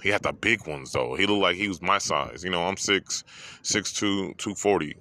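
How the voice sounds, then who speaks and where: This podcast host has a low, pushed, bright voice and speaks at a normal speed. He rambles through an emotional personal story, repeating phrases and fighting back tears.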